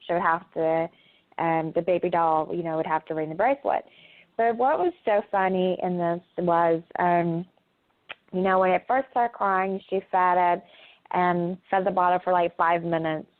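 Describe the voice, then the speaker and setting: A woman's voice: lowish voice, moderate pace. A middle-aged woman talking as a guest in a casual interview over a phone call, speaking hesitantly with many filler sounds. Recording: tinny phone line.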